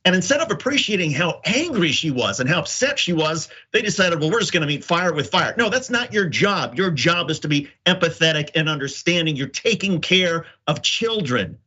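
A man's voice: on the high side, sing-song, moderate pace, few pauses, sharp tone, slightly rough, highs cut off. A man co-hosting a news show, earnestly telling a personal story and giving reflective commentary. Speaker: co-host.

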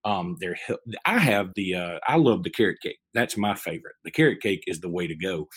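A man's voice: low-pitched, expressive, brisk, husky. A man, co-hosting a casual sports podcast from a hotel room, rambling with many restarts and laughs. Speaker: podcast co-host.

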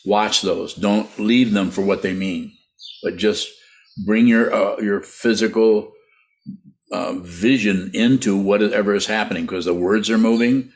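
Answering questions from listeners, a meditation teacher speaks in a lowish voice with fairly even intonation. He halts often, repeats words, and laughs frequently.

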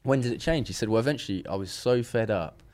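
A fast-talking man with a mid-range voice, appearing as a podcast guest, tells a story in casual chat. He's animated, acts out the dialogue as he goes and often restarts his sentences.

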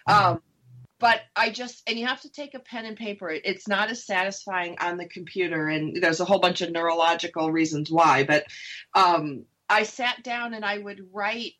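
A woman's voice: fairly low pitch, moderate pace, a bit bright. A middle-aged woman co-hosting a radio talk show, speaking candidly and chattily about her divorce recovery and acting out her old thoughts.

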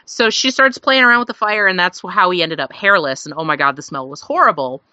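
A woman's voice: fairly low pitch, animated, a little fast, bright, forceful tone, dry recording. A woman telling a long anecdote as a guest, rambling with fillers and laughing often. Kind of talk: casual storytelling. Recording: dull lo-fi recording.

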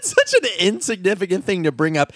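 A man's voice: high voice, huge pitch swings, fast talker, a bit bright, dry recording. A man co-hosting a podcast in casual chat, rambling and jokey, laughing often, recorded close on a studio microphone. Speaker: podcast co-host. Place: small home studio.

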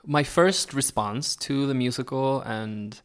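Argentine man, relaxed podcast guest. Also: medium pitch, takes it slowly, clean tone. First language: Spanish. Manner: friendly, easygoing, with fillers and laughs. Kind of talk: casual interview chat.

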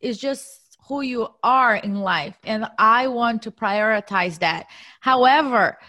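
Woman, podcast co-host, lively storytelling, fairly high voice. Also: slow. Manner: animated storytelling, acts out her own quotes. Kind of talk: casual chat.

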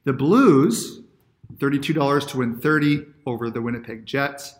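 A man's voice: medium pitch, expressive. A man on a betting podcast, loose and jokey, reeling off a list of picks in casual banter. His voice is a bit strained and cracking from a day of doing accents. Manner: joking, rattles off picks quickly. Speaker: podcast co-host, sports bettor.

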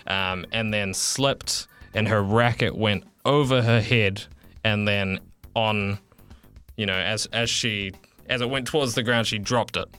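A man's voice: fairly low pitch, a little slow, bright, forceful tone, smooth, soft background music. A man giving a radio sports update, hesitant, with many fillers and restarts. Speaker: sports reporter.

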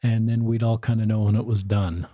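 Mellow thoughtful male interviewer. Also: on the low side, level tone, brisk, no room sound, clean studio sound. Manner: thoughtful, hesitant questions. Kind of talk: conversational interview.

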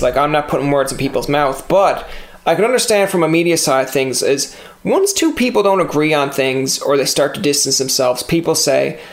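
A male host with a Newfoundland accent leads a casual interview with a chatty, joking manner. His voice sits somewhat high for a man. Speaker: podcast host.

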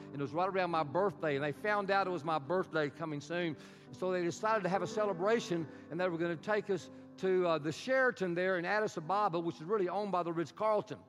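A man preaching a sermon as pastor, using rhythmic repetition and call-and-response, building from quiet to loud. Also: fairly high pitch, fast, over music.

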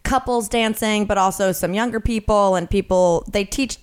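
A woman's voice: medium pitch, moderate pace, clean tone. A woman telling a funny story in casual podcast chat, acting out the voices of the people in it and swearing freely.

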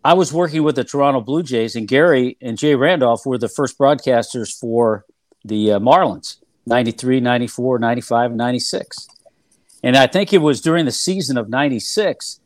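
An older man, a former ballplayer turned TV analyst, telling stories in a relaxed interview with many fillers and restarts. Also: mid-range voice, no room sound. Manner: rambling, filler-heavy recollection with frequent restarts. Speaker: former player and TV analyst, guest.

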